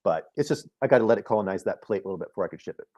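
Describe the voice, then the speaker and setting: A man's voice: fairly low pitch, animated, racing, a little mellow. A man with a Michigan accent chatting casually and explaining things step by step. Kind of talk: casual chat.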